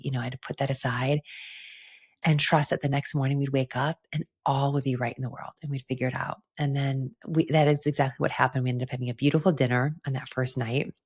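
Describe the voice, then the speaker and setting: A woman's voice: extremely low pitch, a little mellow, slightly rough. A young adult woman hosting a solo podcast, telling a heartfelt, earnest story with frequent "like" fillers. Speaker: podcast host and retreat leader. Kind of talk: reflective solo podcast monologue.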